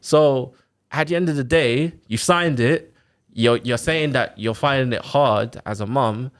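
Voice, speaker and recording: A man, telling his own story on a podcast in a casual, animated way, full of quoted back-and-forth and fillers like "like" and "innit". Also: medium pitch, a little slow. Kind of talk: casual chat, personal story.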